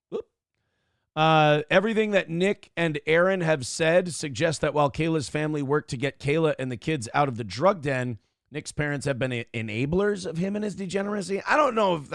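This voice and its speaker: This morning-show host rambles through a profane story casually, impersonating the people he quotes. His voice is a little high, and the studio-quality recording has no room sound.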